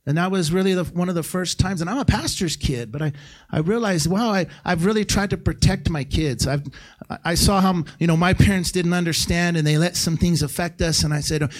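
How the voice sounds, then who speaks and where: A middle-aged man preaching a sermon as guest pastor in a church, talking in a conversational way that jumps to shouted peaks and drops to hushed lines. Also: high-pitched, a little fast. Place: church sanctuary.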